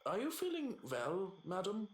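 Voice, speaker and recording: A woman voicing a stoic, formal older male head butler with a German accent, speaking politely and in measured tones. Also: mid-range voice, huge pitch swings, echoey room. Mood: formal calm.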